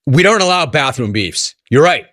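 A man hosting a radio call-in show, riffing sarcastically between callers with animated banter. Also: on the high side, moderate pace, dry recording, studio quality.

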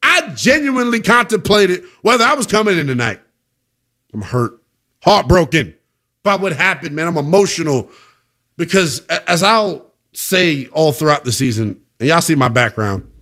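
A fired-up man hosting sports talk radio, his voice sitting a bit high for a man. He hammers his opinions home, then drops into quieter, heavier stretches. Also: animated, normal speed. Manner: emphatic, opinionated, swings from loud to subdued.

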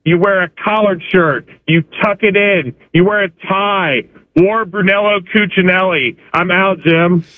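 High-voiced man griping on a phone line. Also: a little slow, no room sound. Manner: griping, emphatic. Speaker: caller. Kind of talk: ranting radio call. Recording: tinny dry phone line.

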